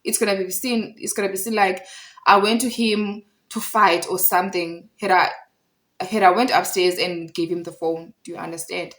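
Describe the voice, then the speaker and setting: A woman's voice: fairly low pitch, steady tone, moderate pace, fairly bright tone, poor audio. A young South African woman retelling a conflict in a casual storytime, emphatic and heated, repeating points for effect. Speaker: storyteller vlogger.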